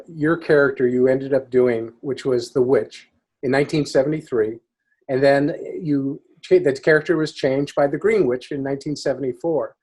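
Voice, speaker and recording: A man's voice: on the high side, darkish tone, slightly rough. A man hosting a podcast interview, asking eager, rambling questions. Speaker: podcast host.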